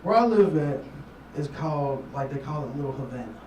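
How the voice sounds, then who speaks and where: A stand-up comedian from Memphis, Tennessee, in his 30s, speaks in a slightly high, mellow voice that is expressive and brisk. His set is made of loose, profane storytelling full of laughs and tangents. It was recorded from afar in a roomy club, with noise in the background.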